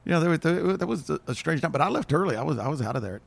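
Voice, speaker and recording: Gravelly man reminiscing haltingly. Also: fairly high pitch, lively intonation. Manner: halting, self-deprecating, many restarts. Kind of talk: casual chat.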